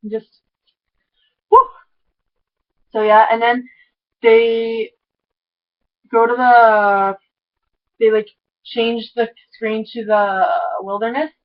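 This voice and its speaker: A woman giving an excitable, rambling recap of a TV episode, full of "like" and tangents. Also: a little high, slow, pauses often, muffled recording. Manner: excitable, rambling, heavy use of "like". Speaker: TV episode reviewer. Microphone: camera mic.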